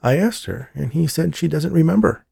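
A man's voice: a little high, lively intonation, normal speed, vocal fry, warm tone, slightly rough, dry recording, clean studio sound, voice pushed up, exaggerated voice. A man playing a grieving desperate robber. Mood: earnest.

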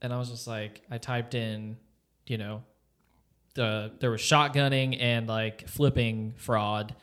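A man's voice: mid-range voice, level tone, takes it slowly, fairly bright tone, clear, resonant tone. Laid-back young man, rambling casual chat. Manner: laughs often, rambling with many "like"s. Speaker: podcast co-host.

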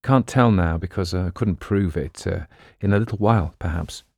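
A man voicing a quick-witted, self-assured male bookseller and amateur sleuth with a breezy manner. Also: sits low, vocal fry, a little mellow, no room sound, clean studio sound.

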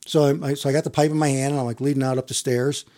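A middle-aged man and firefighter telling a story in an interview, rambling and halting, repeating words and chuckling often. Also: medium pitch, level tone, mellow.

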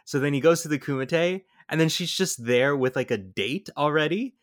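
A man co-hosting a podcast, talking through a movie in a rambling, excitable way. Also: on the high side, normal speed. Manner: rambling, excitable, lots of fillers. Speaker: podcast co-host. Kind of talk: casual movie review chat.

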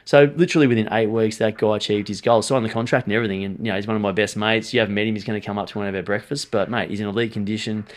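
Low-voiced blunt man. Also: very fast, few pauses. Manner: animated, blunt, swears freely. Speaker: strength coach guest. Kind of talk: casual podcast storytelling.

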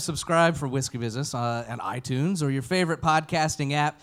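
A man's voice: fairly high pitch, a little fast, fairly bright tone. A man co-hosting a podcast, teasing a fellow host and then reading a show plug, stumbling over words. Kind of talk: casual banter and show plug.

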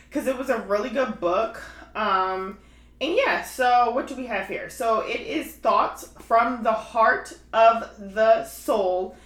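Hosting a podcast, this woman keeps things chatty and relaxed, leaning constantly on "like" and "you know what I mean." Her voice is a little high with a fairly bright tone. There's a roomy echo on the audio.

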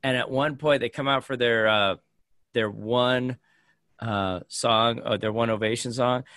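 A man's voice: mid-range voice, unhurried, no room sound, studio quality. A man in his fifties with an American accent, telling a story in casual podcast chat and acting out the people he quotes. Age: 50s. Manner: animated, acts out quoted voices. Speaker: podcast co-host.

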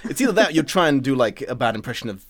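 A man's voice: mid-range voice, big pitch swings, fast. A British man, a podcast guest, chatting casually about a film with lots of fillers and laughs.

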